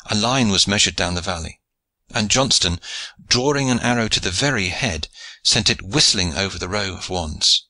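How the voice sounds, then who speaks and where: A man narrating a classic adventure novel in a measured, even storytelling manner. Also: lowish voice, no room sound. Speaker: audiobook narrator. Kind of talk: scripted narration.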